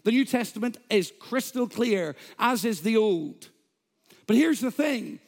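A man's voice: high voice, lively intonation, unhurried, gravelly, darkish tone. A man, a Pentecostal pastor, preaching an emphatic sermon in church, quoting scripture and joking with the congregation.

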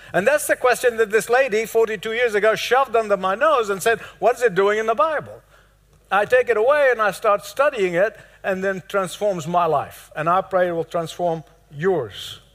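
A man's voice: high voice, fairly bright tone. An older man preaching a sermon, telling a parable in a storytelling way, chuckling now and then and acting out the characters' lines. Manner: storytelling sermon with laughs and acted-out quotes. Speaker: pastor. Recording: long hall reverb.

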